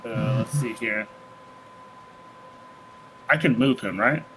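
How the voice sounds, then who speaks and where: A man's voice: mid-range voice, slow pace, a bit bright, slight background noise, poor audio. A man playing a druid in a tabletop game, talking casually and hesitantly with many fillers. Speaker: player.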